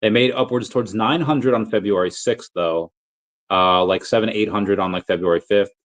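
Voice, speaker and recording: A man's voice: lowish voice, moderate pace. A man hosting a casual livestream, rambling and thinking aloud with lots of fillers as he reads chat messages. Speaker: crypto livestream host. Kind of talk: casual livestream chat reading super chats.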